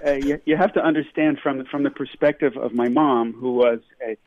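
A man's voice: mid-range voice, steady tone. Joking man on a tinny phone line. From New York. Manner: self-deprecating, joking, halting with many fillers. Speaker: actor guest. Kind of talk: casual interview chat.

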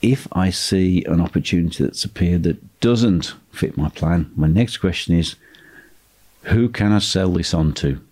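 A man teaching as a property investment tutor, speaking in a steady instructional monologue and driving points home by repeating key phrases. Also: deep voice, a little slow.

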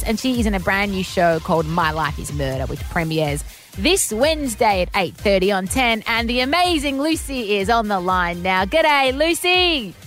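A woman hosting breakfast radio, teasing callers in a bubbly, fast way. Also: mid-range voice, fairly bright tone. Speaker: radio host.

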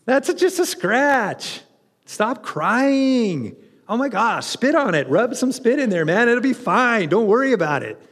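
Guy doing a gruff dad voice, dismissive, higher than his own, long hall echo. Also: very animated, unhurried, a bit bright, exaggerated voice. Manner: gruff, brushing off a child's tears. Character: impatient dismissive dad, grown man.

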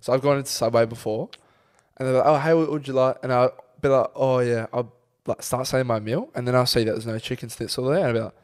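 A young man co-hosting a casual podcast chat, animated, swearing and laughing often. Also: medium pitch, fast. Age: young adult. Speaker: podcast co-host.

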